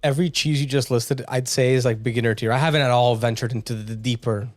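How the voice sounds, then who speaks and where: A man's voice: medium pitch, steady tone, fast, no room sound. A young man on a comedy podcast chatting in a loose, casual way and swearing freely. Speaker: podcast co-host.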